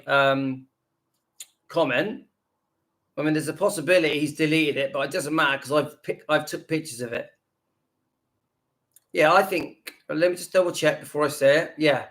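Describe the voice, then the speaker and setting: A man speaks in a notably high voice, hosting his own channel. He rants with indignant emphasis in a reaction video and keeps hammering the same points. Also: fairly bright tone. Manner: indignant, emphatic, repeats himself. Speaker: YouTube channel host.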